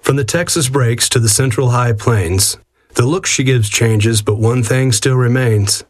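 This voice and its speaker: A man reciting a rhyming prairie poem in a measured, rhythmic way. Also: mid-range voice, no room sound, clean studio sound. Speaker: cowboy poet.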